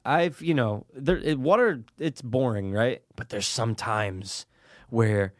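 A man's voice: mid-range voice, slow pace, no room sound, clean studio sound. A man co-hosting a casual comedy chat, loose and jokey, often trailing off mid-thought. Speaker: podcast co-host.

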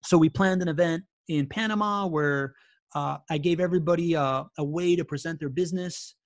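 A man guesting on a podcast, telling stories in an animated, casual way full of fillers and "right?" tags. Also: on the high side, fairly quick, no room sound. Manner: animated, filler-heavy, keeps asking "right?". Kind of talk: casual interview storytelling.

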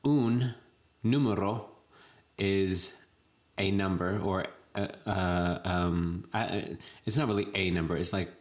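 Low male co-host, casual podcast, patient explainer who laughs easily. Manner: explains slowly, laughs often.

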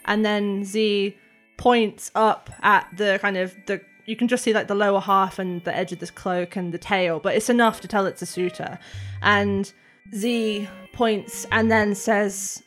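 A woman running a tabletop role-play as game master, describing scenes in a measured way and asking the players what they do. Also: mid-range voice, fairly even intonation, a bit bright, faint music behind.

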